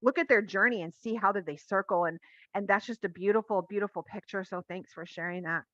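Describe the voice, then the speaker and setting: A woman co-hosting a casual Bible study chat, animated and full of restarts, who acts out the quotes she tells. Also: medium pitch, fairly quick, no echo. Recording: dull lo-fi sound.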